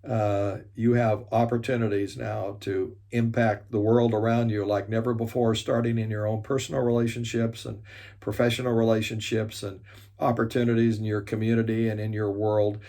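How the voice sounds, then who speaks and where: A man telling a story in a talk, acting out the dialogue with lively energy and frequent restarts. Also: lowish voice. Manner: animated storyteller, acts out quoted dialogue. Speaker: speaker and leadership teacher.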